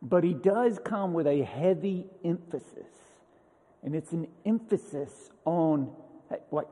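A man preaching a sermon in a casual, conversational way, with emphatic stresses and lively paraphrases of scripture. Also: high-pitched, slow pace. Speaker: pastor. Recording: long hall reverb.

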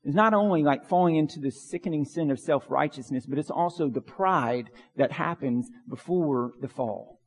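Earnest preaching man, higher voice. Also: normal speed, few pauses, long reverb tail. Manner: earnest preaching, repeats phrases for emphasis. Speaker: pastor. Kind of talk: sermon.

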